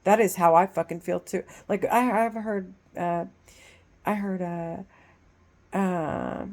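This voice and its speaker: A woman gives a casual, rambling monologue that is profane and full of restarts, swinging between loud agitation and low muttering. Her tone is steady and she takes it slowly.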